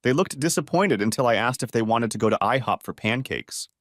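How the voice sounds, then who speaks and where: A man reading a first-person story aloud as a channel narrator, in a steady, even manner. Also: mid-range voice, fairly quick, no room sound, clean studio sound.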